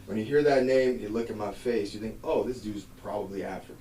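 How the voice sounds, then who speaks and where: A man doing a stand-up set, telling stories in a lively way and acting out the voices of other people. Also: fairly low pitch, fast, recorded from a distance, a little hiss or hum. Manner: animated storytelling, acts out voices. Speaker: stand-up comedian. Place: comedy club stage. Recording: roomy live venue, mic heard from afar, audience. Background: crowd laughter.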